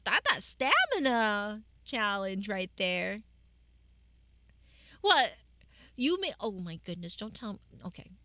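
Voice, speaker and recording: Bright chatty young woman streamer. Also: medium pitch, gravelly, no room sound. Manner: chatty, rambling with many fillers and restarts. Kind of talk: casual chat with viewers.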